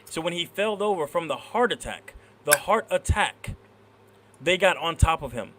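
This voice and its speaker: A man's voice: on the high side, expressive, normal speed, background noise. A man in a casual podcast discussion, speaking bluntly and emphatically.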